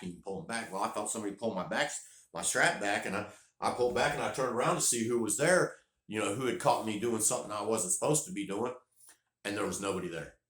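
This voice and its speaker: This man in his fifties, from North Carolina, is a vlogger spinning a casual, folksy, rambling story in a low voice. Excitement makes him repeat words, and the room has an echo.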